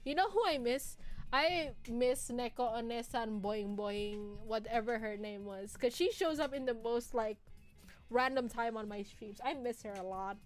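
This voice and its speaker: Giggly slow-talking woman streamer. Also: a little high, faint music behind. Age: 20s. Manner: giggly, laughs often. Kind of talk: casual live-stream chat.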